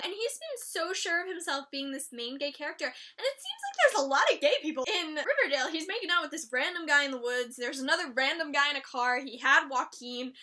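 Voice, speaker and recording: A young woman chatting casually as she reviews a TV episode, animated and gushing, with exasperated outbursts. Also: sits high. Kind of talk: casual chat.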